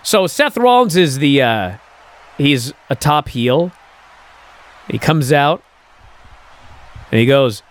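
A podcast host with a voice on the high side talks slowly, leaving long pauses. His casual recap is animated and incredulous, packed with "uh" and "and so."

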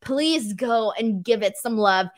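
A woman's voice: a little high, animated, slow pace. A woman from California with a Valley girl accent, hosting a wrestling show in a casual, self-mocking livestream chat with her viewers.

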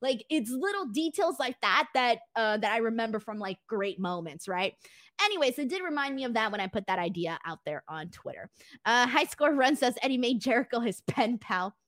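A woman's voice: on the high side, animated, normal speed, fairly bright tone. A woman hosting a casual wrestling recap stream, reading viewer comments in a chatty, rambling way with casual swearing. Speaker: wrestling show host reading chat.

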